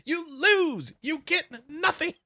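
A man voicing an eccentric male candy-factory owner who shouts and rants in an exaggerated way. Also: extremely high pitch, expressive, slow, voice pushed up, heavily acted. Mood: ranting. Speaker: podcast co-host.

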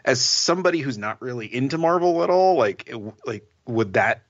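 A man's voice: mid-range voice, animated, brisk. A middle-aged man co-hosting a podcast in casual chat, rambling and laughing often. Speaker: podcast co-host. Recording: dull lo-fi sound.

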